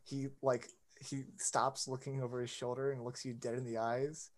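A man runs a tabletop game with a mid-range voice that sounds neither high nor low. He narrates in halting bursts, stopping often on "uh" and "like". The talk is casual and unscripted. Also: little pitch movement. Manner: halting, filler-heavy narration. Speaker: game master.

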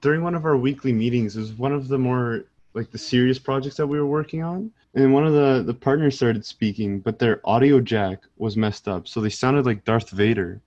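A man's voice: mid-range voice, a little fast, hardly any pauses, a little mellow. A man telling an easygoing story in a casual chat, often laughing, on dull lo-fi call audio.

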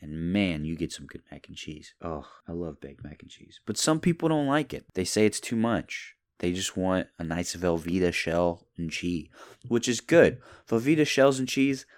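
Deep-voiced young man rambling casually. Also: big pitch swings, normal speed, no echo. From Kentucky, USA. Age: young adult. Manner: rambling, tangent-hopping, lots of "like". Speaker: podcast host. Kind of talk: casual solo podcast chat.

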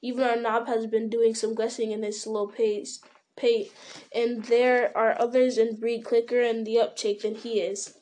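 Woman narrator, storybook reading, steady delivery, fairly high voice. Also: measured pace.

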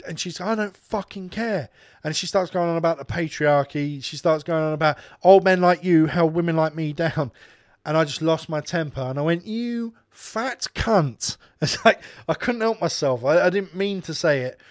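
A man's voice: fairly high pitch, a little fast, no room sound. A man with a slightly raised voice launches into a furious, swear-laden rant, acting out the people in his story as he goes. The sound is dry and close, with no room around it. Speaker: podcast co-host and radio presenter. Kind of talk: casual chat, ranting anecdote.

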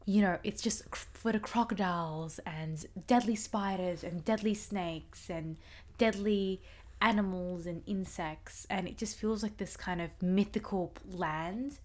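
A woman's voice: mid-range voice, unhurried. Young Australian woman, podcast co-host, chatty and opinionated. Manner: chatty, opinionated, heavy use of filler "like". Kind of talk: casual film-review chat.

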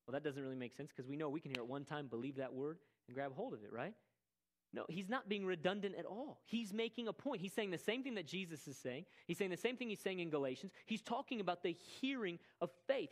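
A man's voice: high voice, animated, a little fast, rough recording. A man preaching a sermon, emphatic, repeating key words and checking in with "right?". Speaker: pastor. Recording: loud music behind voice.

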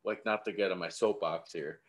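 A young man with a lowish voice chats about a film in a casual podcast. He talks loosely, swears and leans on fillers. The delivery is everyday banter. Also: steady tone, a little fast. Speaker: podcast co-host. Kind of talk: casual movie review chat.

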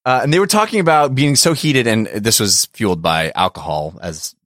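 A man's voice: lowish voice, moderate pace, fairly bright tone, no room sound, studio quality. A man co-hosting a podcast, talking in a playful, joking way with frequent laughter. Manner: playful, jokey, laughs often. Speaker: podcast co-host. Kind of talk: casual chat.

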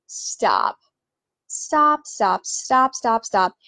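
Female podcast host, casual sarcastic rant; slightly high, gravelly voice. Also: animated, moderate pace, pauses often, no room sound. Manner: exasperated, sarcastic, lots of "like". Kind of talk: casual ranting monologue.

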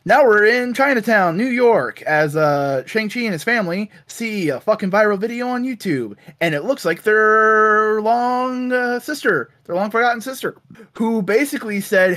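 A man's voice: high-pitched, animated, moderate pace, a bit bright. A man casually recapping a comic book issue on a podcast, acting out the characters' lines with lots of "uh" fillers.

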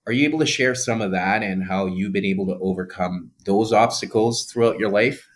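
A man with a very low, deep voice hosts a podcast interview. He asks long, thoughtful questions and leans on fillers as he builds up to them. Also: fairly quick. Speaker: podcast host. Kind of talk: interview conversation.

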